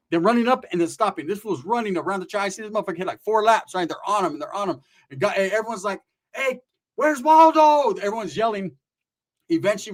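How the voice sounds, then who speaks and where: A man tells a story in loose street slang. He keeps checking in with his listener and swears freely as he goes. His delivery is animated and conversational. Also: high-pitched. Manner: animated, profane street slang with frequent "right?" tags. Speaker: storyteller recounting prison experiences. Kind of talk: casual storytelling.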